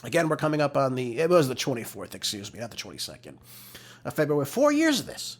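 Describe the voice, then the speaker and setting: A man's voice: medium pitch, expressive, fast talker. Emphatic, ranting male talk show host. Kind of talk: opinionated solo commentary.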